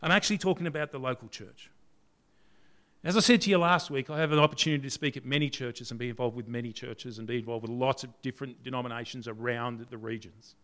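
A man preaching a conversational sermon, leaning on rhetorical questions and swinging between loud and soft. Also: medium pitch, fairly even intonation, fast talker.

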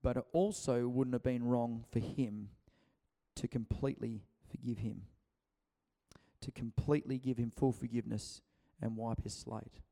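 A man's voice: mid-range voice, steady tone, unhurried, creaky, mellow. A man preaching a conversational sermon, acting out quotes and often restarting his sentences. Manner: chatty, acts out quotes, many restarts.

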